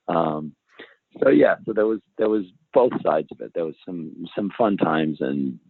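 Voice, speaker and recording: Deep, husky man on a thin line. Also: animated, measured pace, no echo. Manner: rambling, self-interrupting, laughs along. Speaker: interview guest. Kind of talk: casual storytelling in an interview. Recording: phone-like, dry call audio.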